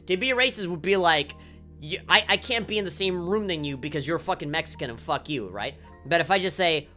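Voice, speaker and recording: A woman's voice: on the low side, expressive, fairly quick, bright, forceful tone, faint music behind. A woman game streamer ranting on a livestream, swearing often and heated, with lots of fillers.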